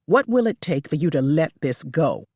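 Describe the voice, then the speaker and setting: The narrator voicing a wealthy, cornered woman who speaks in a tense, sharp, demanding way. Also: mid-range voice, sing-song, moderate pace, breathy edge, dry recording, clean studio sound.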